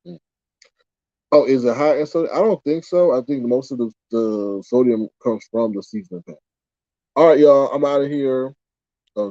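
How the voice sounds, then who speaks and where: With a dark, mellow, medium-pitched voice, an American livestream host reads chat and rambles casually, exclaiming through indignant rhetorical questions. The recording is dry and close, coming across dull and muffled.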